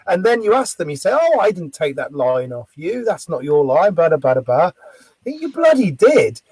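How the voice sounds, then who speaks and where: Husky higher-voiced man hosting a chat. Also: sing-song, moderate pace, darkish tone, no echo, low-quality recording. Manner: chatty, swears casually. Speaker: podcast host. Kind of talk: casual interview chat.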